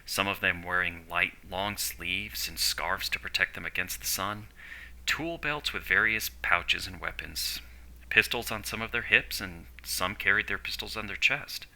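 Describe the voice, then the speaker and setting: Guy reading a story, steady and descriptive, low and forceful. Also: unhurried, low-quality recording. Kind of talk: story narration.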